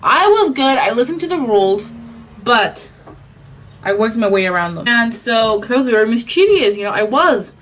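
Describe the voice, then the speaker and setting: A woman's voice: on the high side, sing-song, normal speed, a bit bright, slight background noise. Chatty young woman vlogger telling a story. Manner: chatty, filler-heavy with frequent "like", Spanish phrases. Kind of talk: casual storytime.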